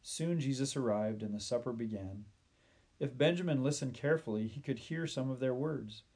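Reading a children's tale, a man narrates softly and evenly at normal speed. His voice sits at a middling pitch with a touch of husky breathiness.

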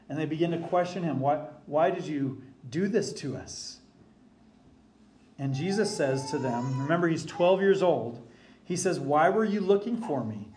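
Emphatic, fairly high-voiced male preacher. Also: darkish tone, a little hiss or hum. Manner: emphatic preaching with pauses and repeated phrases. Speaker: pastor. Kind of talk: sermon.

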